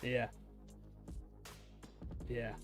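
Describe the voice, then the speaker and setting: A man's voice: drawn-out words, a bit bright, faint music behind. A young man chatting casually on a live stream, joking about himself and cheering his trades on. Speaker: livestreaming day trader.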